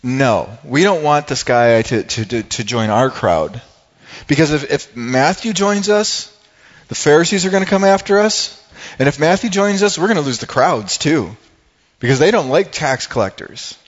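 Fretful worried follower, preacher doing the voice, pitch climbing up, lo-fi. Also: male voice, expressive, moderate pace, long reverb tail. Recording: dull lo-fi sound.

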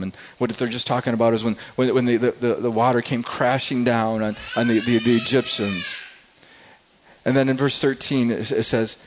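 A man's voice: medium pitch, flat delivery, moderate pace. An earnest man preaching from the pulpit with a mid-range voice. He stumbles and repeats words as he reaches for the next thought. The sound is a little dull and lo-fi. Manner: earnest, repeats words often while searching. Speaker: pastor. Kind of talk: sermon.

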